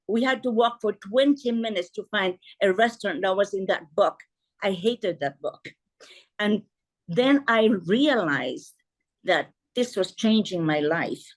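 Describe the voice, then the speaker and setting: An older woman from the Philippines, a podcast guest telling stories from her life with animated delivery and frequent laughter. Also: medium pitch, measured pace. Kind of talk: casual storytelling interview.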